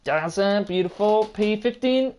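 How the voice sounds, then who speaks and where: A woman hosting a live online race league, talking in a brisk, chatty way and sorting out the starting grid. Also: mid-range voice, darkish tone. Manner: brisk, chatty, easily amused. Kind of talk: live-stream race admin chat.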